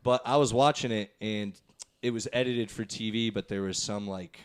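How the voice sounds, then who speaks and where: A man's voice: lowish voice, steady tone, moderate pace, a little hiss or hum. A young man hosting a podcast, telling a story in a rambling, laughing, profane way. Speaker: podcast host.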